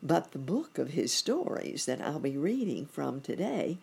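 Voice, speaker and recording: A woman reading a children's bedtime story aloud in a gentle, expressive way. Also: sits low, a little slow, vocal fry, breathy edge.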